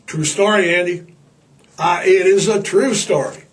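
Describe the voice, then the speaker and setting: Man podcast host, high voice, unhurried delivery, irreverent and profane, stammering, rambling. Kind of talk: rambling comedic monologue.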